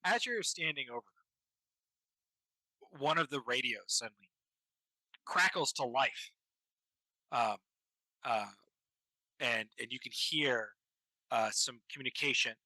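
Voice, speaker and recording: A man running a tabletop game as game master, narrating in a halting way with many ums and restarts. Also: medium pitch, bright, forceful tone, no room sound, rough recording.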